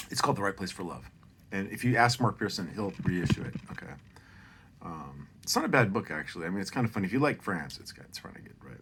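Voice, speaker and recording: A middle-aged man with a low, fairly bright voice tells a holiday story, rambling, swearing and poking fun at himself as he keeps wandering off on tangents. There's slight background noise.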